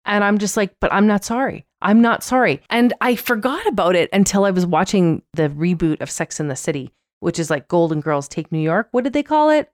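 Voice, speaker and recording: A woman in her late thirties, a podcast host, talking in a candid, wry and animated way. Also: lowish voice, a little fast, few pauses, no room sound, studio quality. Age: 30s. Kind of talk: casual chat.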